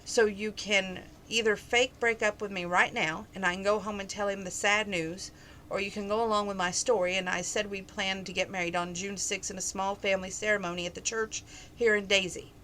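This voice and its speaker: A woman reading aloud as a young ranch woman who is grieving and pleading in a hurried, tearful way. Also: mid-range voice, fairly even intonation, bright, forceful tone, slight background noise, lightly acted.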